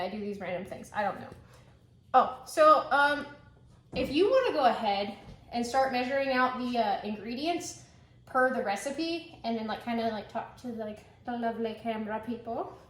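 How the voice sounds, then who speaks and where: A bubbly young woman hosts her cooking vlog from a home kitchen, her high voice bouncing around an echoey room. She rambles excitably and chats casually with her guest. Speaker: cooking channel host.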